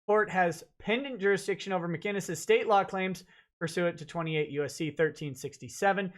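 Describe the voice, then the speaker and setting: A man's voice: high-pitched, moderate pace. A man hosting a live stream, reading a lawsuit complaint aloud and breaking off for blunt, jokey, sarcastic asides. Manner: reads dense legal text aloud, breaking off for sarcastic asides. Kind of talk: live-stream legal commentary.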